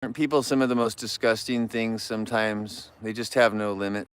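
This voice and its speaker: A man's voice: lowish voice, fairly even intonation, brisk, clear, resonant tone. A man live-streaming outdoors near bears, ranting about rude viewers and scolding the animals in a rambling chat.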